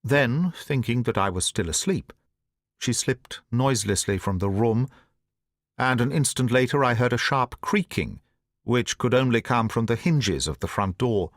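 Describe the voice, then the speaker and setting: Male audiobook reader: middle pitch, steady and deliberate, in a dry, close recording. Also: no echo. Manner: measured, deliberate storytelling in first person. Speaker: audiobook narrator. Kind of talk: scripted audiobook narration.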